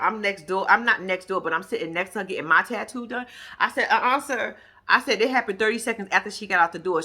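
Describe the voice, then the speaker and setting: A woman casually recapping events as a show host, animated and profane, mimicking the people she quotes. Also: mid-range voice.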